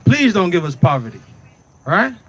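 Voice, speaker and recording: A man's voice: high voice, very animated, normal speed, fairly bright tone. A man teaching scripture in a casual preaching way, often asking "right?" and "you understand?" and telling the reader to read on. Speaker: Bible teacher.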